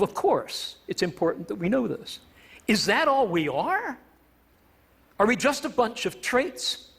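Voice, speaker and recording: A man's voice: high voice, a bit bright, husky. A man from Canada, a professor, giving a humorous stage talk in a wry, self-deprecating way with playful word choice. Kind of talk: humorous public lecture.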